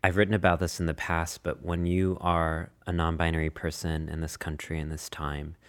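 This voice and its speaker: A non-binary writer and performer answering interview questions in a poetic, measured, impassioned way. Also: sits low, little pitch movement, smooth.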